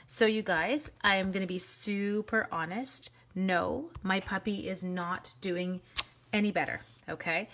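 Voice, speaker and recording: A woman hosting a live craft stream, chatting to viewers as she colors, quick to gush and laugh. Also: mid-range voice. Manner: chatty, excitable, talks to viewers while coloring.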